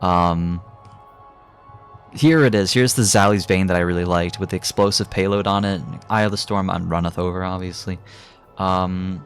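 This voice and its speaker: A man's voice: low voice, fairly even intonation, normal speed, soft background music. Young man rambling through his game collection. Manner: rambling, swears freely, many fillers. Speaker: gaming YouTuber. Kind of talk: casual reminiscing commentary.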